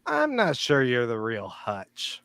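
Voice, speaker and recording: A player at a tabletop game with a wry, deadpan manner. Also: mid-range voice, slow, vocal fry, clean tone, no room sound. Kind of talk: tabletop role-play.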